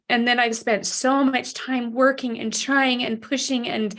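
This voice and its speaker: A woman's voice: on the high side, level tone, unhurried, hardly any pauses, a bit bright. A woman guest speaking earnestly and emotionally about her struggles. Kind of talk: casual chat.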